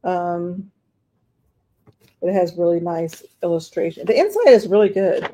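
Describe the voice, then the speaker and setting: A woman's voice: lowish voice, animated, measured pace, slight background noise. A woman running a live online auction, chatting casually about each item and talking to bidders. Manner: chatty, rambling, warm toward bidders, many fillers. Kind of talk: casual live-stream selling chat.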